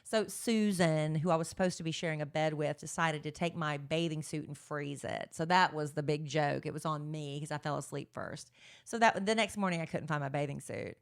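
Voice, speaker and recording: A woman's voice: low-pitched, fairly quick, creaky. A woman co-hosting a podcast, telling a story in a chatty, teasing way, still worn out from a party. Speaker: podcast co-host. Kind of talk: casual chat.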